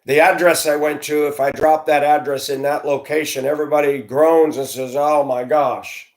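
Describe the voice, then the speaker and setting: Fairly high in pitch and fairly quick, the voice belongs to a middle-aged man, once a school bus driver, whose delivery is flat. He tells a personal story in a conversational manner, speaking directly to listeners and performing the dialogue within it.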